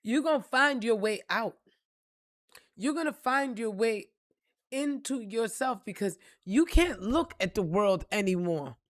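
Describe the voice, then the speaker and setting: A woman's voice: a little high, lively intonation, unhurried, dry recording, studio quality. A woman giving a blunt, emphatic motivational monologue and swearing freely, calling the listener "baby". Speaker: spiritual reader.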